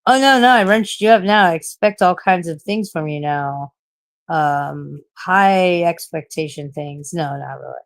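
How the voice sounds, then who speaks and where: A woman's voice: on the low side, a little slow. A woman in her forties chatting casually on a late-night live stream, rambling, swearing a lot and laughing at herself. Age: 40s.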